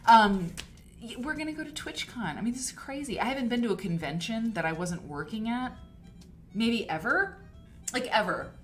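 A woman's voice: fairly high pitch, expressive, normal speed, soft background music. A woman hosting a casual live quilting stream, gushing and chatty, rambling with fillers and restarts. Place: home studio. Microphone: desk mic for a live stream.

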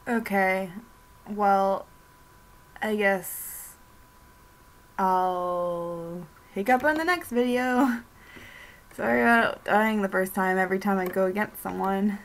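A woman's voice: medium pitch, slow pace, long pauses, a little hiss or hum, poor audio. A woman giving casual commentary while playing a horror game, chatting to herself as she goes. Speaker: let's play commentator. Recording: game music playing behind. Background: game music.

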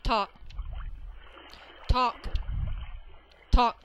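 Young woman, let's play commentary, impatient, slow talk, noisy recording. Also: fairly high pitch, pushed and bright, dull audio. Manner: impatient, mutters at the game. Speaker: gamer playing through a game.

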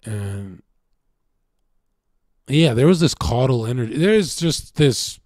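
A young Canadian man who streams delivers a rambling, profane, casual monologue, veering between loud bursts and low mutters. He's animated yet slow-paced. The studio-quality audio has no echo.

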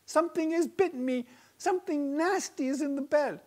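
A man doing a fretful, high-voiced wife. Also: normal speed, darkish tone. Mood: anxious urgent. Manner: urgent, fretful. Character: distressed young wife, fussy and anxious.

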